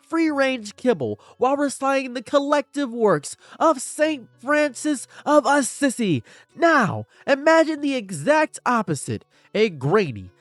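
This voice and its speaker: A man delivering a sarcastic, theatrical commentary rant, swinging between hushed mockery and shouting. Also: sits high, no echo. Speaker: commentary YouTuber. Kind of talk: ranting commentary monologue.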